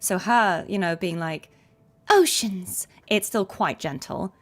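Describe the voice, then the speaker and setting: A young adult woman, a voice actress, chatting casually on a livestream and explaining voice technique with quick demonstrations. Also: fairly low pitch. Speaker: voice actress streaming a game.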